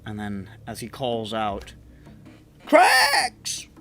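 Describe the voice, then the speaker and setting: A man's voice: fairly low pitch, animated, slow, a bit bright, soft background music. A man narrating a tabletop game as game master, casual and profane with frequent laughs.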